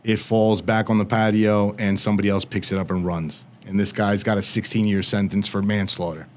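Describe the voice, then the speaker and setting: A man's voice: lowish voice, level tone, fairly quick. A man as an interview guest, telling a blunt, streetwise story full of quoted dialogue.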